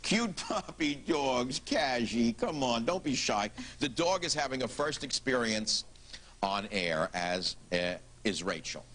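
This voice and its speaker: A man's voice: mid-range voice, lively intonation, a little slow, a bit bright, slight background noise. Blunt, emphatic male talk show host. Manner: blunt, emphatic, rhetorical questions.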